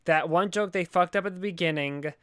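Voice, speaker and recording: Smooth-voiced sarcastic podcast guy. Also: sits high, fairly quick, a bit bright, dry recording, clean studio sound. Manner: sarcastic, rambling, swears often. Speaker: podcast co-host. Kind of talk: casual movie review chat.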